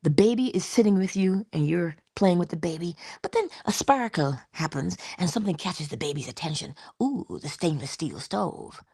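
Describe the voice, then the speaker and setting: A middle-aged woman giving an inspirational spiritual talk in a conversational, expressive way, slipping into little acted-out quotes. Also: fairly low pitch, normal speed, vocal fry, few pauses, husky, no echo, studio quality. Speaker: inspirational speaker.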